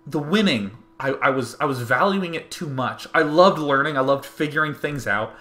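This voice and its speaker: A man's voice: a little high, moderate pace. A young man hosting his own show, telling a personal story in a casual, rambling monologue full of restarts. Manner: animated, rambling, many restarts. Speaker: host.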